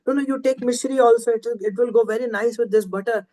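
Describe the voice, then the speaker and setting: A man's voice: steady tone, quick pace, warm tone. A man voicing an indignant village milkmaid in a told story, exclaiming in a raised voice. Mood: eager. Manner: exclaiming, high-pitched storytelling voice. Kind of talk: storytelling in a class.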